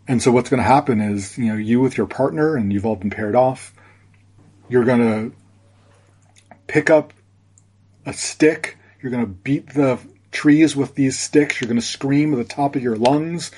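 Man, husky voice, podcast guest, reflective storytelling, halting, lots of restarts. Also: on the low side, fairly even intonation, warm tone. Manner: halting, many restarts and fillers.

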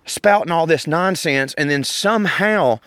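Profane Southern man ranting, bright voice. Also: a little high, measured pace, no echo, clean studio sound. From Southern United States. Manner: profane, animated, rambling. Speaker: podcast host. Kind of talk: casual rant. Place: outdoors in a park.

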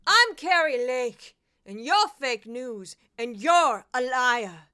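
A woman doing a comic impression of a boastful, pompous former TV anchor woman with a brash, taunting, drawn-out delivery. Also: high voice, expressive, sharp tone, clear, resonant tone, no room sound, clean studio sound, exaggerated voice.

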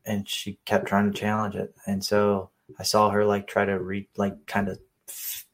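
Pastor co-host, male, lower voice, conversational and explanatory. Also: completely flat delivery, moderate pace, vocal fry. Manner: conversational, explanatory, emphatic at points. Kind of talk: casual faith discussion.

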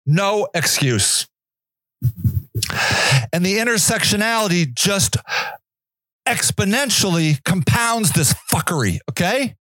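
A man hosting a podcast, delivering an angry, profane monologue rant, often shouting. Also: sits high, sing-song, slow, long pauses, no echo, studio quality. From Northeast Ohio. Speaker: podcast host.

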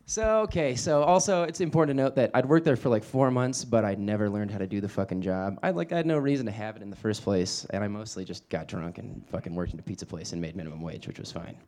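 A young man telling a comedic story on a live show, profane and animated, jumping into loud, high yelling when he acts out the people in it. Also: fast, hardly any pauses. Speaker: guest comic artist.

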